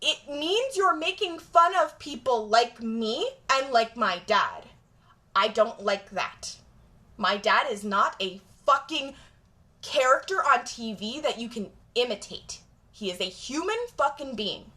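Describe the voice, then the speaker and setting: A woman from Jamaica speaks straight to camera with blunt, profane emphasis. Her voice sits a touch high. It has a bright, forceful edge. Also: lively intonation, measured pace. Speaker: vlogger. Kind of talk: direct-to-camera rant.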